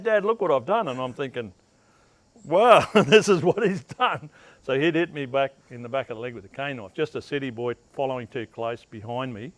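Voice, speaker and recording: An older Australian man tells his stories in a relaxed, meandering way. He chuckles between remembered moments and speaks at an everyday pitch. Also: no room sound, poor audio. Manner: rambling, laid-back yarn-spinning with laughs. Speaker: interviewee. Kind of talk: casual storytelling.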